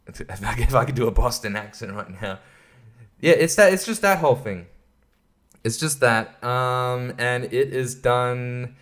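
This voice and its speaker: A man's voice: mid-range voice, clear, resonant tone. A man hosting a podcast, giving a casual and profane film review rant, rambling and exasperated and stumbling over his words. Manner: stumbles and laughs between thoughts. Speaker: podcast host.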